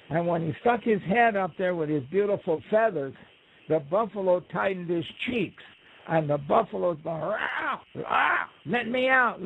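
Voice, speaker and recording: Man, storyteller, slightly high voice, rambling asides, phone-line audio. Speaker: radio show guest. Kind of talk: telling a folk tale. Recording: tinny phone line on radio.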